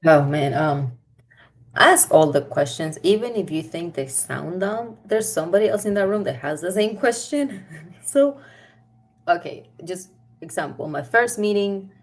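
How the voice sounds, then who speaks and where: A woman's voice: fairly low pitch, animated, measured pace. A woman guest on a podcast, talking casually and candidly, giving upbeat advice and laughing easily. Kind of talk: casual conversation.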